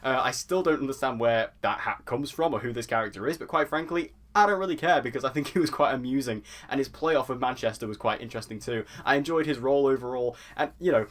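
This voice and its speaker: A man's voice: medium pitch, fast, hardly any pauses, a bit bright. A man reviewing a TV episode in a casual, enthusiastic, chatty way, stacking up praise. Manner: enthusiastic and chatty, piles on "so" and "really". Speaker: TV review vlogger.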